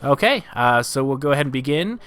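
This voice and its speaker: A man's voice: mid-range voice, very animated, a little fast, fairly bright tone, clear, resonant tone. Chatty giggly streamer guy on headset. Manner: chatty, giggly, many ums and uhs. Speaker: streamer coaching a game. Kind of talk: casual live-stream commentary.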